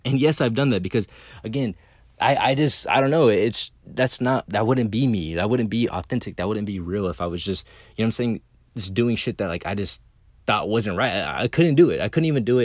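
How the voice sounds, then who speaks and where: A man with a fairly low voice hosts his own podcast in a loose, unscripted monologue. He talks bluntly and swears a lot, leaning on "right?" and "again" as he goes. The sound is dry and close. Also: darkish tone, no echo. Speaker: podcast host. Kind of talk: casual monologue.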